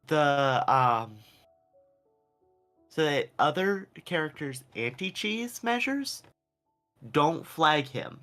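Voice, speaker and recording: A man's voice: on the high side, a bit bright. A man chatting casually on a stream as co-host, explaining things hesitantly with lots of fillers.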